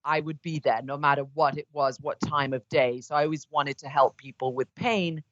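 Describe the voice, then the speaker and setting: A woman's voice: deep voice, normal speed, no echo, highs cut off. A woman from Greece, an osteopath guest on a podcast interview, explaining her work in a chatty, step-by-step way. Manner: conversational, explains step by step with lively asides.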